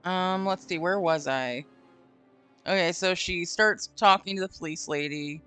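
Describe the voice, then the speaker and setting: Smooth-voiced woman reading a spooky story. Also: on the low side, a little slow, pushed and bright, faint music behind. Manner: giggly, reads aloud with quoted voices. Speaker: streamer reading a horror story. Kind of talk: casual chat and story reading on a live stream.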